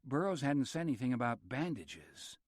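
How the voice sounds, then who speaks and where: Measured male audiobook narrator. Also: medium pitch, big pitch swings, dry recording, studio quality. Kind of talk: scripted narration.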